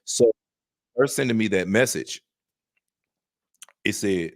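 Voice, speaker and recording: A man's voice: on the low side, expressive, takes it slowly, dry recording, clean studio sound. A man giving casual, blunt commentary straight to his viewers while recounting messages. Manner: blunt, conversational, addresses viewers directly. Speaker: online track and field commentator.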